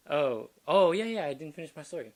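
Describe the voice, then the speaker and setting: A man hosting a casual podcast, spinning a crude anecdote with plenty of rambling detours. He laughs at his own jokes as he goes, loose and unpolished. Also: on the high side. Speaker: podcast co-host. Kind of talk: casual comedic storytelling.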